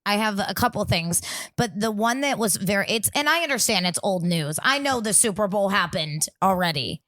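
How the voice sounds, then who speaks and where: A woman's voice: medium pitch, animated, moderate pace, fairly bright tone, no room sound. A woman co-hosting a podcast, chatting casually and crudely, joking as she reads complaints aloud. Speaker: podcast co-host.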